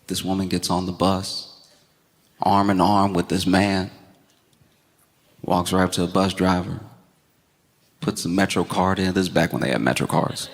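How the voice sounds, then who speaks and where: A man performing a stand-up comedy set, telling stories with animated delivery and quick character voices on a handheld stage mic. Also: low voice, creaky. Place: comedy stage before an audience. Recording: reverberant hall with audience noise.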